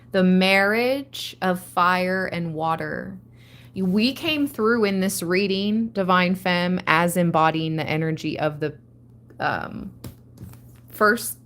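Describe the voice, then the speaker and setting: A woman hosting a live-stream tarot reading, reading card meanings aloud and breaking into excited asides. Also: lowish voice. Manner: slow, reads card text then riffs excitedly. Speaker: tarot reader.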